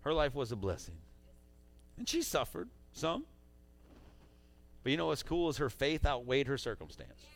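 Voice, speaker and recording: A man preaching a sermon as pastor, swinging between loud urging and quiet asides in a church sanctuary on a stage mic. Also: mid-range voice, huge pitch swings, moderate pace, vocal fry, long pauses.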